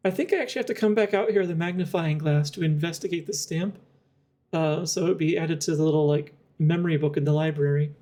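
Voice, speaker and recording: This young adult streamer keeps up a rambling, giggly chat while gaming, working through ideas out loud with many fillers. The warm, mid-range voice moves at a quick pace.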